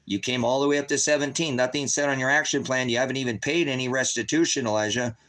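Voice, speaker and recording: A man, a father and host, ranting angrily with heavy profanity and sudden rises in pitch. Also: steady tone, fairly bright tone. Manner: profane, heated, rapid shifts in pitch. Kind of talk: angry livestream rant.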